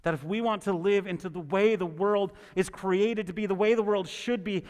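A male pastor preaching a sermon and reading scripture, talking in a conversational way that keeps checking in with listeners. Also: sits high. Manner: conversational, asks listeners "right?". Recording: long hall reverb.

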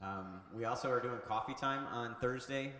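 A male pastor giving relaxed church announcements, with plenty of hesitant fillers. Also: medium pitch, moderate pace. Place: church sanctuary. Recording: echoey church hall.

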